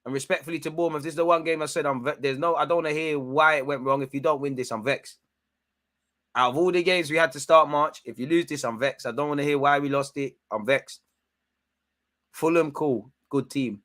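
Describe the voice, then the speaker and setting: Animated man reacting to football. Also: fairly high pitch, a little fast. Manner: animated, shouts at the referee, slangy banter. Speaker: football watchalong host. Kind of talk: live match reaction commentary.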